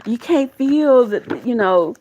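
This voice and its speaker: A woman's voice: on the high side, lively intonation, takes it slowly, warm tone, dull audio, slight background noise. A middle-aged woman giving a live tarot reading to her viewers, emotional and folksy, often laughing and turning preachy. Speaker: tarot reader.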